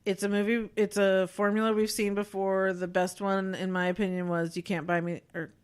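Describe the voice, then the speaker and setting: A woman's voice: medium pitch, little pitch movement, normal speed, clear, resonant tone. A woman co-hosting a podcast, reviewing a movie in a chatty, rambling way with many fillers. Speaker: podcast co-host. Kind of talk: casual chat, movie review.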